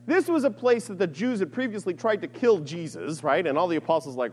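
A man teaching a class on scripture in a lively, conversational way, often checking in with "right?". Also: sits high, a little fast, hardly any pauses, long reverb tail. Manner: animated, conversational, frequent "right?" asides. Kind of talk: lecture on scripture.

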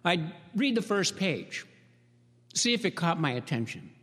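A man's voice: fairly high pitch, big pitch swings, unhurried, a bit bright, breathy edge, long reverb tail. A man pastor giving a sermon in a conversational, storytelling way, building up to emphatic repeated phrases. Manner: conversational, anecdotal preaching with rising emphatic repetition.

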